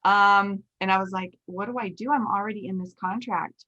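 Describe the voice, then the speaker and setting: A woman's voice: mid-range voice, normal speed, lo-fi sound. A woman in her forties hosting a podcast, telling a story candidly and quoting her own thoughts aloud. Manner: candid, animated retelling with quoted self-talk. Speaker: podcast host, nail instructor. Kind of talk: casual storytelling chat.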